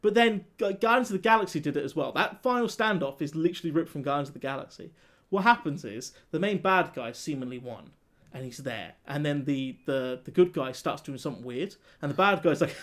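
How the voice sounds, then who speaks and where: A man co-hosting a casual film review chat, animated and laughing as he acts out scenes. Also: sits high, brisk. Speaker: podcast co-host.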